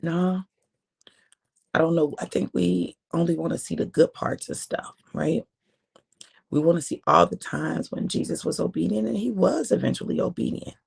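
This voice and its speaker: Give me a husky woman preacher telling a story in a relaxed, talky sermon. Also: fairly low pitch. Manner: conversational, drawn-out phrasing, quiet emphasis.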